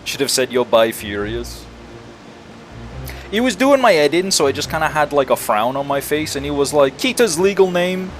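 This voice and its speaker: Animated young male streamer, laughing. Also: mid-range voice, moderate pace, faint music behind. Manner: lively, laughing, swearing storyteller. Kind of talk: casual gaming livestream chat.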